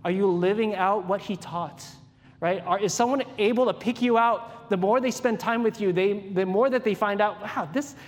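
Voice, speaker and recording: A man with a rather high voice, preaching a sermon. He talks in a casual, conversational way and asks the congregation questions. His voice rings with the long reverb of a church hall. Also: normal speed. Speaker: pastor.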